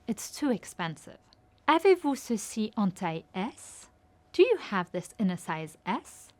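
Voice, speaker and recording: Slow, lively woman teaching phrases. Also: on the high side. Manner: reads each phrase in French then English, encouraging. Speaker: language teacher. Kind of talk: scripted language lesson narration.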